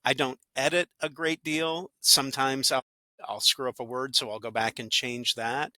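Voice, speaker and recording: Bright upbeat man telling stories. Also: mid-range voice, fairly even intonation, moderate pace, no echo. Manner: upbeat storyteller, acts out little quoted voices. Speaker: podcast guest, actor and good-news podcaster. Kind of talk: casual interview talk.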